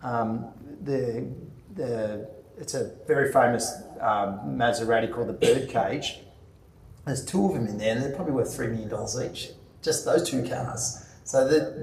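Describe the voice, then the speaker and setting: A man speaking as a guest tells casual stories to a club audience, rambling with many fillers and restarts in an anecdotal talk. His voice is mid-range and a little mellow at normal speed. Recorded in a club meeting room, the audio is echoey from a distant mic, with faint ambience and slight background noise.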